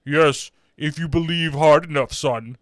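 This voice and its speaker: A man's voice: a little high, unhurried, a bit bright, no room sound, studio quality. A man playing a solemn, preachy father. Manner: solemn, mock-earnest.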